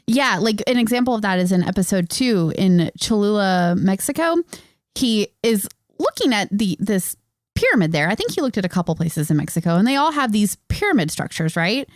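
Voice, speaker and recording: A woman co-hosting an archaeology podcast, talking in an animated, chatty way with many fillers. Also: mid-range voice, brisk, no room sound, studio quality. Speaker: podcast co-host. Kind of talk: casual podcast chat.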